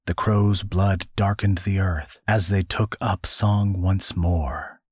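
A man reading a dark fantasy story as narrator, in a slow, measured way. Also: sits low, little pitch movement, breathy edge, no room sound, studio quality. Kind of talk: scripted narration.

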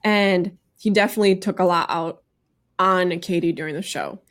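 A woman with a slightly low voice chats on a podcast. She retells events animatedly, putting on quick impressions of what people said. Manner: animated, acts out people's lines. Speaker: podcast co-host. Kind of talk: casual chat.

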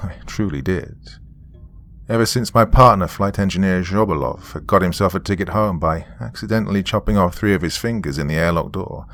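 A man telling a first-person story in a measured, descriptive way. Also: low voice, a bit bright, a little hiss or hum.

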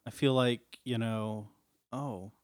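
A man co-hosting a podcast in casual chat, excitable and jokey. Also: medium pitch, slow, no room sound, studio quality. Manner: excitable, jokey, breaks into laughter. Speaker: podcast co-host.

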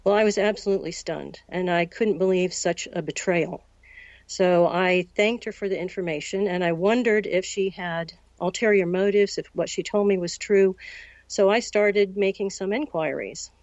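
A woman in her sixties from the United States, recounting a personal story as an interview guest in a measured way and acting out the dialogue. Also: medium pitch, darkish tone, dry recording. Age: 60s. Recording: dull, lo-fi recording.

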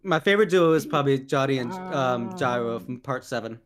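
A man's voice: medium pitch, lively intonation, fast, faint music behind. A young man co-hosting a podcast, talking in a casual, rambling way with plenty of fillers. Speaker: podcast co-host. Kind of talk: casual chat.

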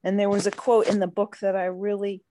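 A woman's voice: medium pitch, flat delivery, a little fast, background noise. A woman in a study group adding her thoughts to the discussion over a video call. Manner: conversational, building on others' points. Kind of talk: casual discussion.

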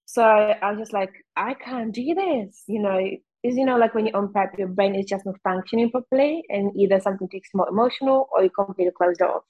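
A woman's voice: mid-range voice, phone-quality sound. Woman with a Czech accent, candid. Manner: candid, fast, heavy use of "like". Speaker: guest. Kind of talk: casual interview chat.

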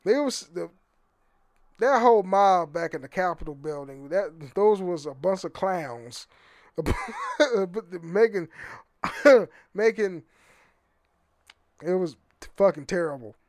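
A man's voice: high voice, animated, slow, pauses often, no room sound, clean studio sound. A man hosting his own podcast, rambling and swearing freely, often stumbling over repeated words and laughing. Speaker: podcast host. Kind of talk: casual solo podcast rant.

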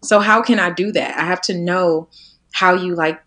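Reflective woman in her twenties, low-pitched. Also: steady tone, normal speed. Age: 20s. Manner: reflective, laughing often, drifting softer at ends of thoughts. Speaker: podcast guest. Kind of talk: casual conversation.

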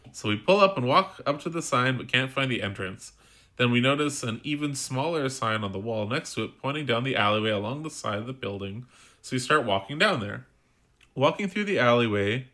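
A man's voice: medium pitch, sharp tone. A man co-hosting a podcast, chatting casually and reading a listener's letter aloud. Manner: laid-back, chatty, swears casually. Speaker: podcast co-host.

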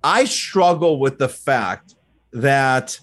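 A man hosting a podcast interview, talking in an animated, emphatic way and often repeating words as he builds a point. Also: mid-range voice, slow pace. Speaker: podcast host. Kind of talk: casual interview chat.

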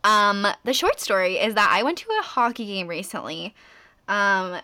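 A young woman co-hosting a casual chat, telling stories in a chatty way with quick asides. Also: medium pitch, bright, forceful tone. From California. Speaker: co-host.

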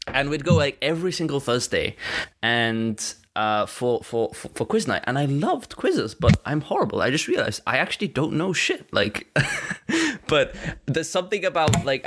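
A man's voice: medium pitch, a bit bright. A young man hosting a podcast, chatting in an enthusiastic, hesitant way with frequent laughs. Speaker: podcast host. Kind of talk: casual interview chat.

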